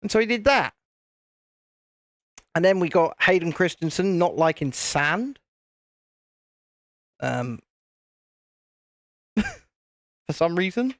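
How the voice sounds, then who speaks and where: British male streamer, rambling chat, slightly high voice, dry close sound. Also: expressive, takes it slowly, long pauses, no echo. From United Kingdom. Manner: chatty, rambling, reads viewer chat aloud. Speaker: livestream host. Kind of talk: casual live stream chat while building. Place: home streaming setup with cameras and lights.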